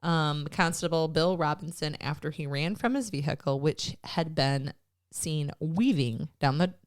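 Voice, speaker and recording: A woman's voice: deep voice, a little slow. A woman co-hosting a casual podcast, cold reading strange news stories and breaking into laughter. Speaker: podcast co-host.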